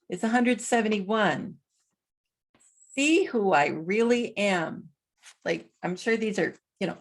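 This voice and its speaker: Woman, vlogger, casual monologue, gravelly fry, slow unhurried delivery, reads from notes. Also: mid-range voice. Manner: slow, deliberate, spells out numbers.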